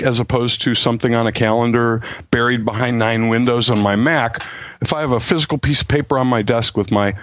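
Appearing as a guest author on a podcast, a man chats casually and with enthusiasm, frequently stammering and restarting his sentences. His pitch is medium and the recording is dry.

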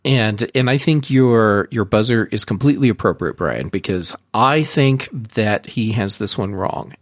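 A man hosting a casual tech podcast, teasing his co-hosts in an animated way. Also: on the low side, no room sound, studio quality. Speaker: podcast host.

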